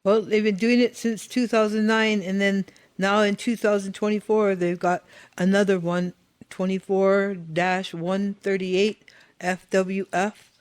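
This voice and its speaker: A woman co-hosting a podcast, explaining document details in a halting way, often restarting her words. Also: medium pitch, flat delivery, no echo. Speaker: podcast co-host. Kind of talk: podcast talk, reading out documents.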